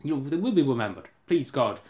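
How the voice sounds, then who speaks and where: A man's voice: medium pitch, sing-song, fast, a little mellow. An Irish man delivering an indignant political rant to camera, repeating himself for emphasis. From Ireland.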